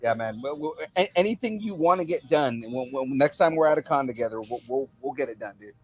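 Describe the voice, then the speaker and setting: A man's voice: mid-range voice, expressive, a little fast. A man co-hosting a podcast, easygoing, often repeating words as he speaks. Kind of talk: casual podcast chat.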